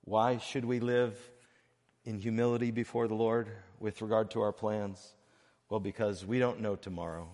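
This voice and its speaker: A man preaching a sermon as pastor of a church, earnest and measured, breaking his phrases with pauses and swinging between soft and loud. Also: on the low side, level tone, in a large hall. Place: church sanctuary.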